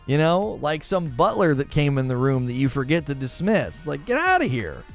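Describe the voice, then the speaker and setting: A man's voice: a little high, big pitch swings, normal speed, hardly any pauses, faint music behind. A man streaming, chatting casually with viewers in a rambling, laughing manner. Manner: rambling, self-interrupting, laughs often.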